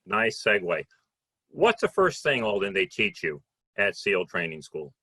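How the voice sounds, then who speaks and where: Bright, husky-voiced male host. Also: lowish voice, very animated, unhurried, dry recording. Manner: reflective, conversational questions. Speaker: podcast host. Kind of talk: interview conversation.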